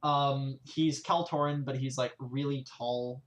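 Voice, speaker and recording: A man running a tabletop game, narrating the scene in a loose, rambling way with plenty of fillers and restarts. His voice sits at a middle pitch for a man. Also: steady tone, a little slow. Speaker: game master.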